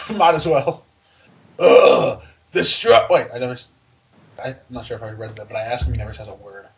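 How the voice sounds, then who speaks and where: A man reading fan fiction aloud for comedy, with joking, deadpan asides. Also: mid-range voice, moderate pace, pauses often, lo-fi sound.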